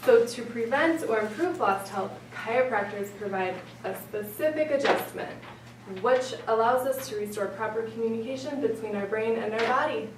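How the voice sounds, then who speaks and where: A woman with a slightly high voice explains her points at a measured pace. The mic is distant in an echoey room, with faint noise underneath. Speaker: presenter. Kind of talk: explanatory presentation.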